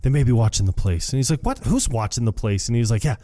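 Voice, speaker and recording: A man on a podcast, casually retelling movie scenes and acting out the lines with quick laughs. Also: mid-range voice, lively intonation, dark tone. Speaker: podcast co-host. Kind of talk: casual movie recap chat.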